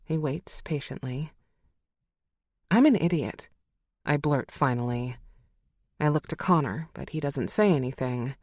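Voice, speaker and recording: A woman narrating a first-person romance audiobook, expressive and heartfelt, close to the mic. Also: rumbling low, moderate pace, no room sound.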